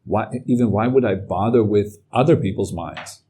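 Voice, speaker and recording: A man giving a calm, reflective talk as a meditation teacher. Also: on the low side, normal speed, breathy edge. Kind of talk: dharma talk.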